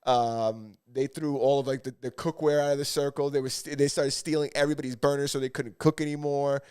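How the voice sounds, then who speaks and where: Male podcast co-host, mid-pitched, casual rambling storyteller who swears. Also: fairly even intonation, brisk, darkish tone, clean tone. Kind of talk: casual chat.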